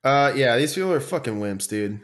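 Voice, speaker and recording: A man co-hosting a casual podcast chat, swearing freely, ranting and mocking people in quick impressions. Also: medium pitch, expressive. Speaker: podcast co-host.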